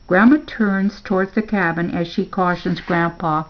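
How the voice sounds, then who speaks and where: An older woman reading a children's story aloud in a slow, measured way. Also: fairly low pitch, steady tone, creaky, highs cut off.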